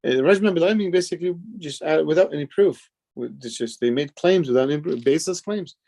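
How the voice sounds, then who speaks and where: A man gives a casual scripture lesson as a sheikh. His voice sits a little high but sounds warm and soft. He keeps the delivery loose, with filler words and quick bits of quoted dialogue. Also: vocal fry. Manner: loose and conversational, full of "you know" and "like". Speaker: sheikh teaching Quran commentary.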